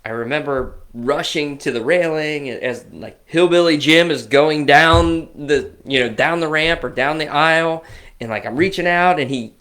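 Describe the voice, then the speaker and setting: Rambling, animated podcast co-host man. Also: on the high side, normal speed. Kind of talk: casual chat.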